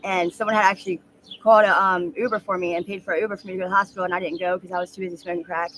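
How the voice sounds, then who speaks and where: A woman in her thirties telling her story in a candid, halting street interview with many fillers. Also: fairly low pitch, little pitch movement, fairly bright tone, slight background noise. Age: 30s.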